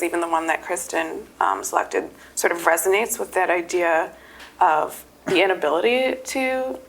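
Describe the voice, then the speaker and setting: A woman's voice: fairly low pitch, vocal fry, a bit bright, rough recording. A woman in a seminar discussion, carefully analyzing a poem. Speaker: seminar participant.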